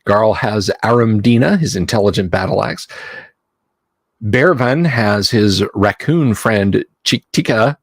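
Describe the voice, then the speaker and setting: A man's voice: on the low side, unhurried, no echo. A man hosting a live stream, reading a game rulebook aloud and breaking off for wry, joking asides to his chat. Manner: wry, digressive, answers chat with jokes. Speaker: livestream host.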